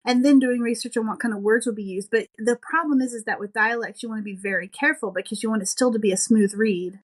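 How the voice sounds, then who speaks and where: A woman's voice: on the high side, fast, rough recording. A woman who writes romance novels, a podcast guest chatting in an enthusiastic, thoughtful and modest way. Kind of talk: casual interview chat.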